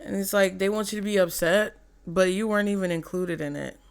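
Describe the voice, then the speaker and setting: A woman with a smooth, mid-range voice gives a brisk, chatty tarot reading, swearing freely and acting out quotes in mock voices. She stops to laugh, trails off and restarts her sentences.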